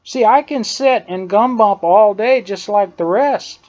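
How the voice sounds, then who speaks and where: In this dull, lo-fi recording, a male political commentator rails through an indignant opinion piece, driving each point in with repeated phrases. He has a high, darkish voice and keeps a measured pace.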